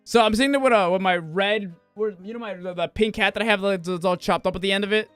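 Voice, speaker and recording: A man's voice: high-pitched, fast talker, a bit bright, clear, resonant tone, dry recording, faint music behind. A man streaming and chatting casually, telling rambling stories full of swearing and restarts. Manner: profane, rambling storyteller with frequent restarts. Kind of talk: casual chat.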